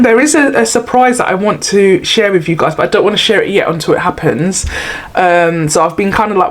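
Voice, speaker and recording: A middle-aged woman, chatting to camera in a rambling, self-mocking way. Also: on the low side. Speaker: vlogger. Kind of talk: casual chat to camera.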